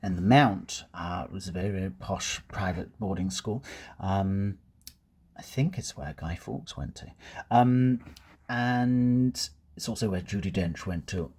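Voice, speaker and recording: Out on a dog walk, a male vlogger from England speaks in Received Pronunciation with a deep, husky, slightly mellow voice at a measured pace. He muses casually and reflectively, filling gaps with lots of ums and uhs.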